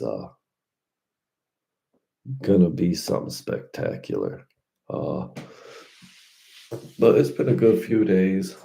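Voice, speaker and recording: Deep gravelly man rambling casually. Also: warm tone. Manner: loose, slangy, drifting from point to point. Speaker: crypto vlogger.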